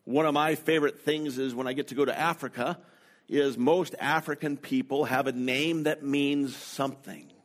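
A middle-aged man from North America preaching a sermon, telling personal stories slowly and deliberately. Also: medium pitch, steady tone. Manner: slow, deliberate, anecdotal delivery. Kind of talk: sermon storytelling.

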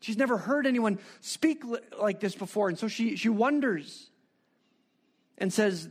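A preacher delivering a sermon, retelling a story with animated rhetorical questions. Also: male voice, high-pitched, a little slow.

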